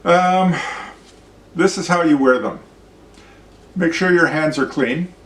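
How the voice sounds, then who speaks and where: A man's voice: a little high, slow, fairly bright tone. A man hosting an opinion vlog, talking bluntly with a ranting, profane manner. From Canada. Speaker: show host. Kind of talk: opinion vlog monologue and demonstration. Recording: roomy sound, mic at a distance.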